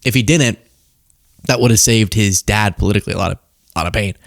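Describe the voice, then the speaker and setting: A young man hosting casual political commentary, animated and jokey, laughing at his own rhymes. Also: fairly low pitch, fairly quick, gravelly, no echo, clean studio sound.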